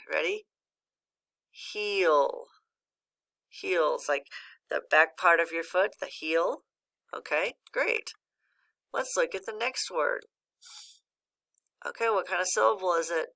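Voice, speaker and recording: Lady phonics teacher, low-ish gravelly voice, patient, waits for kids to answer. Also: sharp tone. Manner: patient, encouraging, pauses for student answers. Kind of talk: recorded phonics lesson.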